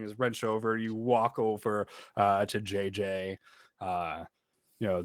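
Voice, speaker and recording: A man's voice: on the low side, fairly bright tone, no room sound. A man narrating as game master of a tabletop game in a loose, casual way. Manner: loose, filler-heavy narration.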